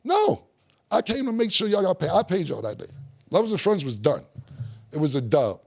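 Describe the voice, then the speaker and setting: A middle-aged man, a guest in a podcast studio, telling stories in a casual, animated way with plenty of slang and profanity and acting out other people's lines. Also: sits high, moderate pace, creaky, slightly rough. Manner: animated, acts out quoted dialogue, heavy slang and profanity. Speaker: guest rapper in a studio conversation. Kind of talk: casual storytelling.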